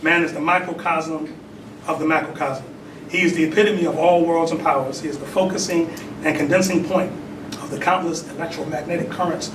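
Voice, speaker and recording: A man in his forties preaching in a temple hall. He reads aloud, laughs between points and asks the congregation questions. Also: a little high. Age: 40s. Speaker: religious teacher. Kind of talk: sermon with call and response. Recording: echoey hall, mic at a distance, noisy.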